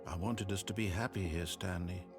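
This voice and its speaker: A man's voice: normal speed, natural voice. An actor playing a wistful, needy middle-aged male narrator in a video game, pleading one moment and passive-aggressive the next. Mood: hurt. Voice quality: lively, expressive pitch. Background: clear game music.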